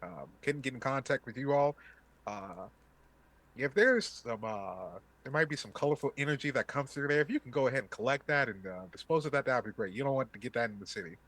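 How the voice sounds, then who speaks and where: A man voicing a small, frantic hologram figure with a put-on Boston accent, talking loudly and rambling. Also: mid-range voice, a little fast. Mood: hurried. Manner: excitable, loud and rambling.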